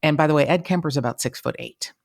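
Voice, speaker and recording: A podcast host telling a crime anecdote in a casual, lively and profane way. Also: mid-range voice, quick pace, vocal fry. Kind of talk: casual storytelling.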